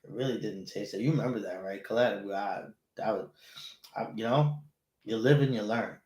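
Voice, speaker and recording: A man hosting a casual chat show, animated and rambling, swearing freely. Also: lowish voice, normal speed. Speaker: show host. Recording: roomy echo.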